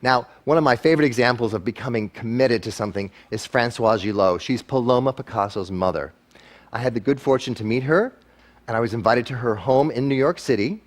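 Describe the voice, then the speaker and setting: Animated man giving a motivational talk. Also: medium pitch, brisk. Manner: animated, acts out quoted voices. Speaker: guest speaker. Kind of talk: motivational talk to a live audience.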